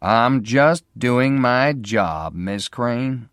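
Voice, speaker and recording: A flat, unfriendly private detective speaks in slow, deliberate words, as a male narrator plays him. He lets each phrase land with measured weight. The recording is close and dry. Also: medium pitch, no echo, voice pushed up. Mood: calm reassuring.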